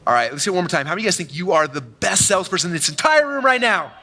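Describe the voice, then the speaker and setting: A man giving an energetic, boastful keynote talk on stage to a large audience, telling stories with quick asides. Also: high voice, music in the background. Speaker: conference speaker. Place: large event hall on stage.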